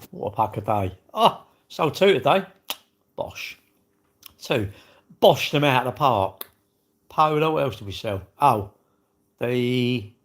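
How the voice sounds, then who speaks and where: A man chatting on a casual livestream, rambling and joking about himself and greeting viewers. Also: lowish voice. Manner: rambling, jokey and self-mocking, with asides to viewers. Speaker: livestream host. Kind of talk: casual live-stream chat.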